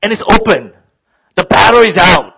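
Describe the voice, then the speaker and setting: Lively, expressive male pastor preaching. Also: high-pitched, normal speed, vocal fry, husky, low-quality recording. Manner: animated storytelling, acts out his own exasperation. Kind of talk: sermon with a personal story.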